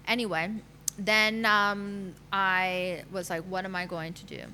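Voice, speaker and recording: Her voice bright and forceful yet level in tone, a woman in her thirties who works as a matchmaker tells her personal story on a podcast, candid and full of fillers. She talks a little slowly at medium pitch, with a faint hum in the background.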